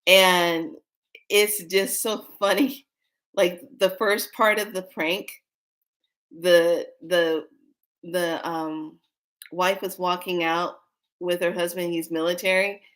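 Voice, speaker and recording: A woman vlogger telling a story in a casual way, animated and often breaking into laughter. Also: fairly low pitch, takes it slowly.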